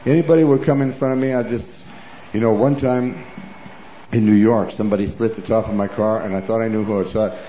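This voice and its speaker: A man's voice: lowish voice, steady tone, a little fast, slight background noise. A man giving an emphatic, rambling personal testimony as a preacher, full of asides like "you know". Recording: roomy, dull lo-fi recording.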